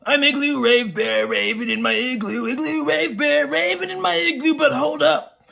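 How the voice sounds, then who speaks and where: A man's voice: extremely high pitch, normal speed, vocal fry, bright, forceful tone, heavily acted. A man singing as a party-loving male rave bear, chanting upbeat lines. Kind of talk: sung comic song.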